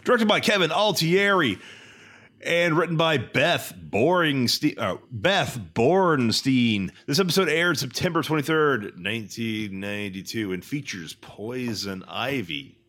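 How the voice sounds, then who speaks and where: A man hosting a casual podcast, reading episode summaries aloud in a jokey, animated way. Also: medium pitch, a little slow. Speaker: podcast host.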